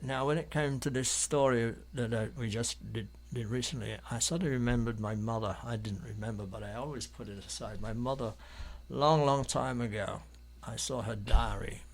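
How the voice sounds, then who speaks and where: An English man from London, an artist being interviewed, recounts anecdotes in a rambling, hesitant style with many ums and restarts. His voice is medium-pitched with vocal fry.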